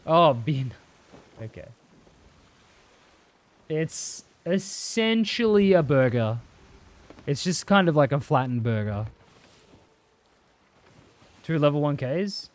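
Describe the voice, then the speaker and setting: A man's voice: on the high side, big pitch swings, takes it slowly, pauses often. A young Australian man chatting casually and rambling while he streams a game, swearing freely and answering chat. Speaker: livestreamer.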